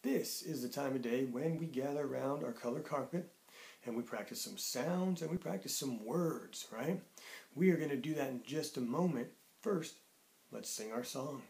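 A man's voice: medium pitch, moderate pace, creaky, a little mellow. A male teacher giving a playful, encouraging phonics lesson to young children. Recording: echoey room.

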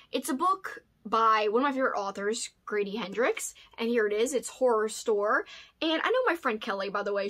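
A woman's voice: fairly high pitch, fairly bright tone. A woman hosting a casual book vlog, chatty and rambling with lots of asides. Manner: chatty, rambling, says "flippin'" often. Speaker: host.

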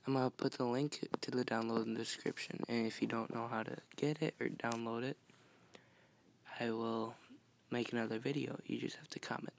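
A man giving a casual screen-recorded game tutorial, talking softly and often near a whisper, rambling with restarts. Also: mid-range voice, fairly even intonation, brisk, vocal fry, a little hiss or hum. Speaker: mobile game modding tutorial maker.

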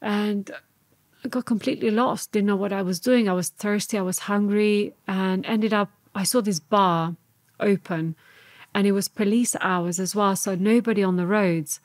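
A woman, speaking earnestly as a podcast guest recounting her past. Her voice sits at an ordinary middle pitch and is recorded close and dry, with no room sound around it. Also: steady tone, normal speed, no echo. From Serbia. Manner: earnest, reflective, re-enacts her past self's words. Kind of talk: personal storytelling in an interview.

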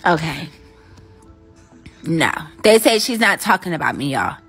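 A woman's voice: sits low, unhurried, faint music behind. A woman hosting a live stream, talking straight to her viewers, thanking commenters and venting bluntly with swearing. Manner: animated, addresses viewers directly and thanks commenters. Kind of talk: casual live stream chat.

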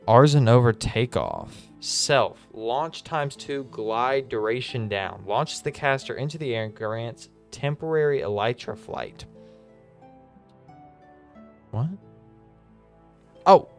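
A man giving excitable, chatty gameplay commentary and talking straight to his viewers. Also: mid-range voice. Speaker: gaming video host.

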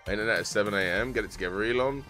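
A man's voice: lowish voice, racing, sharp tone, faint music behind. A young man chatting casually with his live-stream viewers while gaming, joking around and using slang. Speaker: game streamer.

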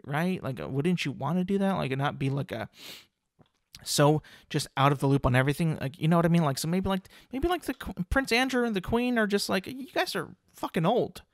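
A man talking on his own in an easygoing podcast monologue, his voice sitting a little higher than most men's. He rambles, restarts sentences and swears offhand, and the recording is close and dry with little room sound. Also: animated, a little fast, dry recording. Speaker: podcast host. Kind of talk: casual solo podcast monologue.

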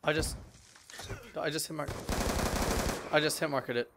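A man's voice: a little high, fairly even intonation, normal speed, vocal fry, heavy background noise. A young man giving raging gameplay commentary, swearing constantly and yelping in frustration. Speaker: gaming YouTuber.

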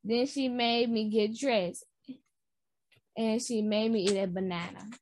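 A woman reading a children's book aloud, halting and restarting words. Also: a little high, fairly even intonation, darkish tone, a little hiss or hum. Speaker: reader.

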